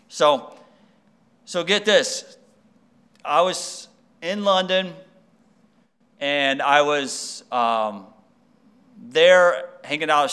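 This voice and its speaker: A man's voice: mid-range voice, bright, forceful tone, clear, resonant tone. A young man from Missouri preaching, telling a rambling personal story full of fillers and restarts. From Missouri, United States. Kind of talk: sermon storytelling.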